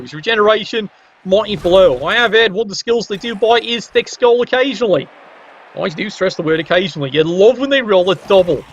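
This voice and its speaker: A wry, joking man calls the action of a fantasy sports game in a light, high voice. He keeps up a casual play-by-play with teasing asides. The recording sounds dull and lo-fi. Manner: wry, joking, playfully biased. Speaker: game commentator.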